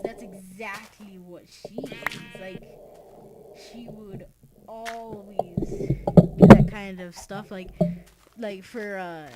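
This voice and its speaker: Rambling teenage boy, loud noisy recording. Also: high voice. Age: teens. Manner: rambling, many fillers and restarts. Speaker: let's play host. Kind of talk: rambling casual storytelling. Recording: loud background noise with clicks.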